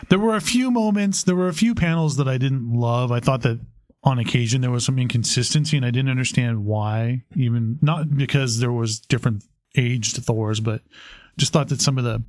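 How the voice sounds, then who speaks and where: A man co-hosting a comic book podcast, speaking in casual chat with hesitant, halting phrasing. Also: medium pitch, darkish tone, dry recording, studio quality. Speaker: podcast co-host.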